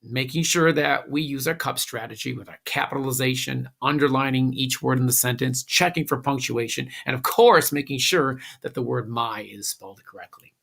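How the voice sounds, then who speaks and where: A man teaching a recorded classroom phonics lesson, giving slow, patient instructions with a few "uh"s. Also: mid-range voice, gravelly, a bit bright.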